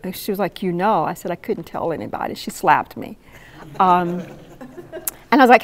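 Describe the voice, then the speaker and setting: A woman's voice: on the low side, moderate pace, pauses often. A middle-aged woman from North Carolina, a poet giving a talk and telling a story to an audience, questioning them and acting out her own reactions. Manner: animated, asks the audience questions.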